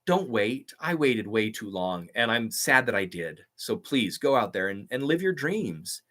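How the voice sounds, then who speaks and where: A man's voice: fairly low pitch, very animated, unhurried, a bit bright. A man hosting a casual live stream, eagerly answering viewer comments and sprinkling his talk with "like" and "um". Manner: eager and upbeat, with frequent "like" and "um".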